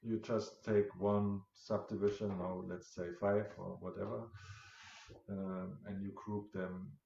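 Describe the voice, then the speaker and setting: Slow, low, gravelly-voiced man explaining rhythms. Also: little pitch movement, warm tone. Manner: halting, many fillers, counts rhythm syllables aloud. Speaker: musician explaining rhythm concepts. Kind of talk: casual talk-through lesson. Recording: roomy, dull lo-fi audio with faint noise.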